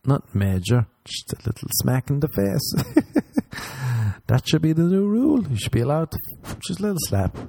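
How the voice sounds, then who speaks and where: A young Irish man rambling sardonically in a casual comedic monologue, jumping up in pitch when he acts out other people. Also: big pitch swings, moderate pace, vocal fry, mellow, slight background noise. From Ireland.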